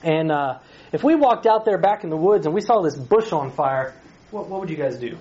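Man preaching casually, playful and chatty, fairly high voice, dull recording. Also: lively intonation, normal speed, a little mellow. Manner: chatty, playful, questions the group. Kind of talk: casual sermon retelling a Bible story. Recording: slightly dull recording with faint hiss.

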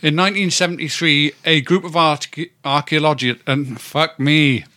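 Bright-voiced man in his fifties. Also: fairly high pitch, fairly even intonation, normal speed, no room sound. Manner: rambling, stumbles over words, swears casually. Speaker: podcast co-host. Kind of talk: casual chat.

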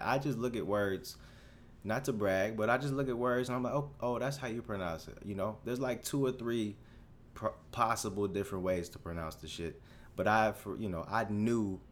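A man in his twenties hosting a solo podcast, rambling through a story in a casual, profane, animated way, full of restarts. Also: on the low side. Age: 20s. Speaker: podcast host.

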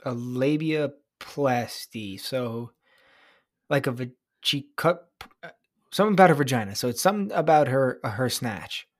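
A man's voice: mid-range voice, animated, normal speed, dry recording. Joking co-host man, dry sound. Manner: reactive, joking interjections. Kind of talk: casual crude banter.

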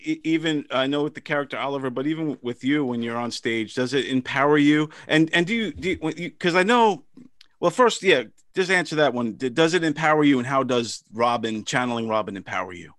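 Casting: male interviewer, mid pitch, stop-start questions, dry close mic. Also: a bit bright, no echo. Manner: halting, rephrases questions.

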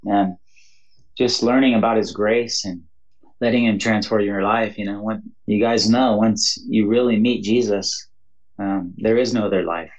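A man's voice: fairly low pitch, moderate pace, poor audio. A man, a pastor and mission leader, telling stories in a casual interview, often adding "you know" and laughing as he goes. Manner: animated storytelling, frequent "you know" and laughs.

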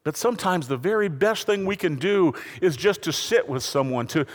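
Pastor guy preaching, high voice, really animated, long echo like a big church hall. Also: normal speed. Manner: preaching with lively rises and falls, addressing the congregation. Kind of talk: sermon. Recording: reverberant hall.

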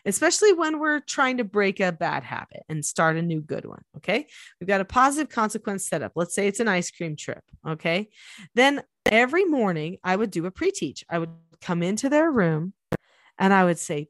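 A middle-aged woman hosting a parenting podcast, explaining steps in a steady, instructive way. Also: on the low side, normal speed, no echo. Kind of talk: casual advice chat.

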